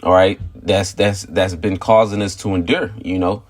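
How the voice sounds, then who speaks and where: Man, lowish voice, informal spiritual testimony, rambling storyteller, filler-heavy, emphatic. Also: steady tone, normal speed. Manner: rambling storyteller, constant "you know" fillers; emphatic, repeats "okay" and "all right" to drive points home. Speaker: religious teacher sharing a testimony.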